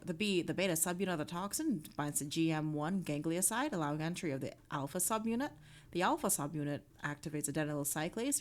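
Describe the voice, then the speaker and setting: Her voice is fairly low and a little mellow as she streams herself studying, reading notes full of fillers and self-corrections. Every so often she stops to joke around playfully with her chat.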